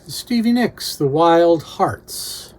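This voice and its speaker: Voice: medium pitch, expressive, very slow. A record collector casually talking through an unboxing, reading out record titles with brief remarks on each.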